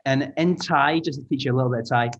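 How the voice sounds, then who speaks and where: A man leads an online class with lively encouragement and patient explanations. His voice has an ordinary middle pitch and comes over a slightly muffled call line. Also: fast. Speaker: teacher trainer. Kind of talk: online language lesson. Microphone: video call.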